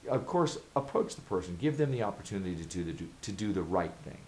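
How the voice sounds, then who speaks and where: A man's voice: low-pitched, big pitch swings, fast, darkish tone, poor audio. A man vlogging advice straight to camera, earnest and emphatic, driving his points home with repeated rhetorical questions. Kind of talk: direct-to-camera advice monologue.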